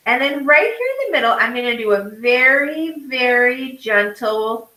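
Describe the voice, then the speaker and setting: Bright-voiced art teacher lady, walks kids through drawing step by step, echoey room. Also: fairly high pitch, lively intonation, moderate pace. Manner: step-by-step, checks in with frequent "okay?". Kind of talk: drawing lesson for children.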